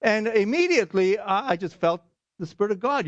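A man's voice: high-pitched, lively intonation, quick pace, no echo, dull audio. A man preaching a sermon, telling personal stories in a chatty, self-deprecating way with lots of fillers. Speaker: pastor.

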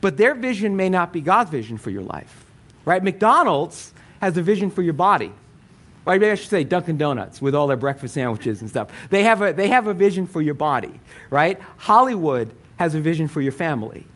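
A man's voice: a little high, sing-song, brisk, fairly bright tone. A middle-aged man preaching a sermon as pastor, conversational and playful, with frequent asides.

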